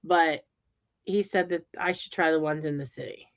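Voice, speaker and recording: A woman telling a story in casual chat, animated and exasperated, with lots of fillers and restarts. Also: low voice, normal speed. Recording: dull lo-fi sound.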